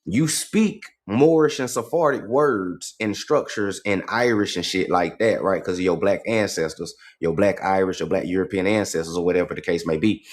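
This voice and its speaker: A man with a low-pitched voice hosts a casual livestream. He reads passages aloud and breaks off to comment in streetwise, profane slang, hammering his points home by repeating them. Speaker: livestream host.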